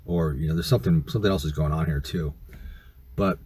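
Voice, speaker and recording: A man's voice: very deep voice, brisk, a little mellow, slightly rough. A middle-aged man telling a story casually to camera in a rambling, profane way full of fillers. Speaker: YouTuber.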